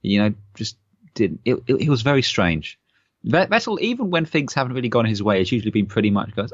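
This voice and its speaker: A man's voice: mid-range voice, very animated, quick pace, dry recording, highs cut off. A man co-hosting a podcast, chatting casually and laughing often. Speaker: podcast co-host. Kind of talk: casual chat.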